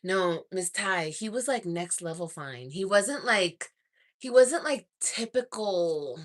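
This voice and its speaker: A young woman vlogs at home at night, speaking slowly in a lowish voice as she chats casually to camera. She is gossipy and animated, swearing, sighing and laughing a lot.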